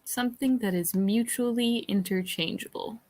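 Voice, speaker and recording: A woman's voice: on the high side, moderate pace, a little mellow, dry recording. A woman in her thirties from California, chatting wryly as a co-host of a casual reading stream. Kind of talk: casual chat.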